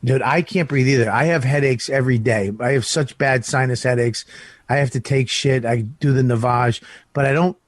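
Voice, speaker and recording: A man's voice: mid-range voice, fairly even intonation, normal speed, dry recording. A man on a radio show, teasing and swearing freely in casual banter. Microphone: studio microphone.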